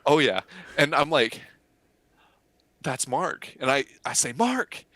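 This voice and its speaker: A man telling a story in a casual podcast interview, excitable and animated, acting out the quotes. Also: mid-range voice, slow, no room sound. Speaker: podcast guest, cosplayer.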